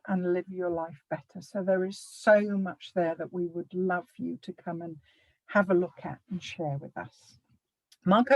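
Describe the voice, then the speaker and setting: A woman's voice: medium pitch, a little mellow, no room sound, low-quality recording. A woman hosting a live online workshop over a video call, upbeat and promotional, with some playful teasing. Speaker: workshop host.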